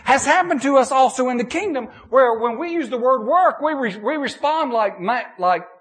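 A middle-aged man preaching a sermon in a folksy, animated way, checking in with his listeners and answering their questions. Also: very high voice, moderate pace. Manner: animated, folksy, many restarts and "okay?" checks.

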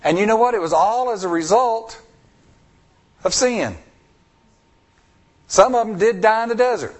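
In an animated sermon, a male preacher asks his listeners rhetorical questions and impersonates the people he cites. He speaks in a high voice without hurrying.

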